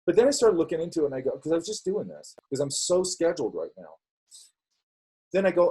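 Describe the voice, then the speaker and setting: A man's voice: a little high, sing-song, quick pace, mellow, slightly rough, rough recording. A man hosting a live class, chatting casually on a tangent and acting out quoted exchanges. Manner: rambling, acts out quoted dialogue. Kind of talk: casual talk.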